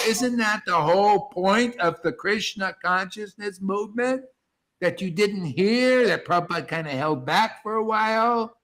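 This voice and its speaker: A man giving an impassioned devotional talk to an online group, preachy and fervent, swinging between soft asides and loud exclamations. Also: high voice. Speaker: spiritual teacher leading an online satsang. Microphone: video call.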